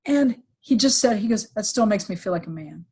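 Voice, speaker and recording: A middle-aged woman recounting a painful family story on a podcast, with halting restarts and fillers, sometimes quoting others in livelier voices. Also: mid-range voice, expressive, dark tone, husky. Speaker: podcast guest, executive recruiter. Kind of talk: emotional personal storytelling.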